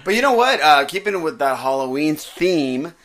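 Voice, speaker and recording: A man hosting a podcast in casual chat, loose and jokey, rambling with fillers, sounding a little hoarse. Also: fairly high pitch, very animated, normal speed, a bit bright. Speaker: podcast host.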